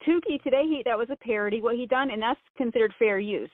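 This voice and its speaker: Woman radio caller. Supportive and agreeable, slightly high voice, thin phone line. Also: fast talker, no room sound. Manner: agreeable and supportive, with short affirmations. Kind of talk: casual call-in radio talk. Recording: tinny, dry phone-line sound.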